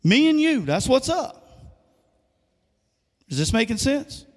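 A man's voice: very high-pitched, sing-song, takes it slowly, long reverb tail. A man preaching a sermon as pastor, conversational and asking the congregation questions. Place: church sanctuary.

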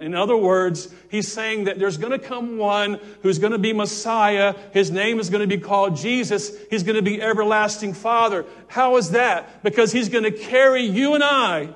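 This high-voiced male pastor delivers a sermon with fervor, circling back on the same points. His delivery lurches between hushed asides and loud outbursts, broken up by stammered restarts.

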